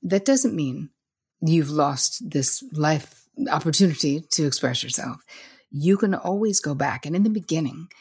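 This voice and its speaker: A woman with a deep, low voice talks as a therapist guest in a relaxed interview. She tells stories with energy, slipping into other people's lines and cursing mildly along the way. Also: unhurried, husky. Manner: lively storyteller, acts out dialogue, casual swearing. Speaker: psychotherapist and author as guest. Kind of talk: casual interview chat.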